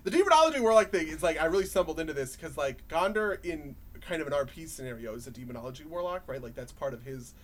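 A young man co-hosting a casual gaming podcast, talking in a relaxed way with a lot of filler. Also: on the high side, quick pace, few pauses. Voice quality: relaxed, filler-heavy, laughs along. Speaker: podcast co-host. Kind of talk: casual chat about video games.

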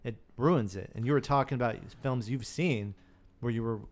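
A man's voice: medium pitch, normal speed. Man asking casual podcast questions. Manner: asks questions, short agreeing replies. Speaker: podcast co-host. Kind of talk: casual chat.

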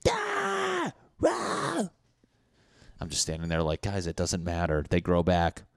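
A man hosting a solo comedy podcast, rambling profanely and acting out neighbors in loud mocking voices. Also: deep voice, level tone, a little fast, clean tone, no room sound, studio quality. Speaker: podcast host. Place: indoors at home.

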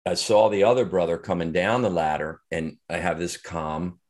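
A middle-aged man with a very low, deep voice speaks as an interview guest. He tells his story earnestly and reflectively, often restarting sentences and pausing on fillers. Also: fairly even intonation, a little mellow.

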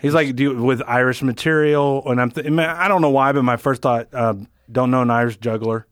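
A man's voice: mid-range voice, fairly quick, fairly bright tone, dry recording, clean studio sound. A man co-hosting a comedy podcast, chiming in and finishing his partner's lines in casual chat.

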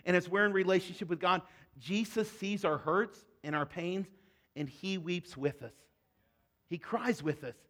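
A pastor with a high voice preaches a sermon, speaking earnestly and directly to his congregation. On the emotional points he drops into quieter, softer passages.

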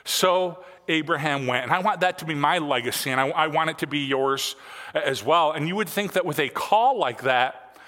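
A man's voice: a little high, normal speed, a bit bright, in a large hall. A man in his forties preaching a sermon in a church, telling stories casually with lots of fillers. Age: 40s. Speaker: pastor. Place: church sanctuary.

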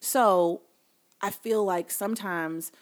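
A woman's voice: medium pitch, slow. A woman in casual conversation, telling stories in an earnest, emphatic way.

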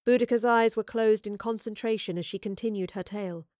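A woman narrating a storybook reading in a steady, even way. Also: medium pitch, a little fast, no echo, clean studio sound.

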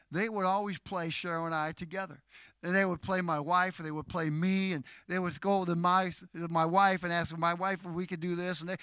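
High, bright-voiced preacher man. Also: smooth, no echo. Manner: preaching, swelling from slow and measured to loud and declaiming. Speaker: pastor. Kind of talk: sermon.

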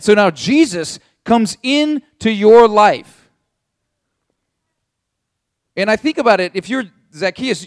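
A man's voice: high voice, dry recording, clean studio sound. A man preaching a sermon as a pastor, telling the story vividly and speaking straight to his listeners. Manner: animated storytelling in second person.

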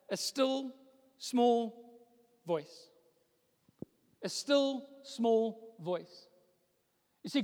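Young male pastor, high voice, preaching into a mic in a hall with long reverb; swings from hushed to loud declarations. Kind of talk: sermon. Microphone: microphone.

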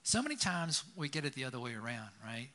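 A pastor delivers a conversational sermon in a medium-pitched, very animated male voice, speaking quickly with a bright, forceful tone. He tells stories and keeps checking in with listeners by asking "right?"

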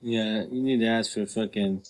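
A man's voice: fairly low pitch, fairly even intonation, moderate pace, a little mellow. A man co-hosting a podcast, reacting with short quips, swearing and laughing often. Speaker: podcast co-host. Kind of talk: casual chat.

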